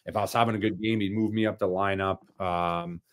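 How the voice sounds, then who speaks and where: A man chats as a podcast guest with a low voice, recorded dry and close. He tells stories loosely, restarting sentences and filling with "like." The talk is casual and unscripted. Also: fairly even intonation, brisk, dry recording. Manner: storytelling, frequent restarts and "like" fillers. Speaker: podcast guest, former hockey player.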